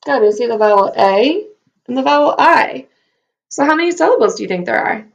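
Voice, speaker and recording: A woman first grade teacher giving a recorded phonics lesson, speaking slowly and clearly in an upbeat, encouraging way while sounding out letters and syllables. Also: high-pitched, animated, dull audio.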